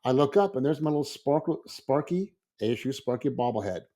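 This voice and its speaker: Animated man telling a work story. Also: medium pitch, a little fast. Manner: animated storyteller acting out his own reactions. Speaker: school librarian. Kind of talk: casual chat.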